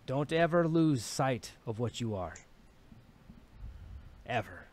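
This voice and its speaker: A man's voice: mid-range voice, expressive, slow pace, a little mellow. A man voicing an old dwarf warrior giving a solemn, earnest farewell to his companions.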